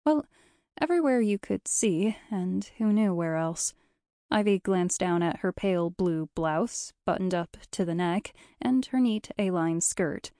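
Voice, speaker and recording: Mellow woman narrating a story. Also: fairly low pitch, expressive, unhurried, no echo, studio quality. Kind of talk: scripted audiobook narration.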